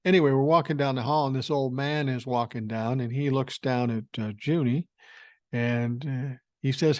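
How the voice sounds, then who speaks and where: A man in his sixties hosts a casual podcast, rambling through stories with blunt, salty language. His pitch sits at an average level for a man. The sound is close and dry, with no room echo. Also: fairly even intonation, normal speed. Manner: blunt, profane, rambling storyteller. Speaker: podcast host. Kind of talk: casual podcast talk reading listener email.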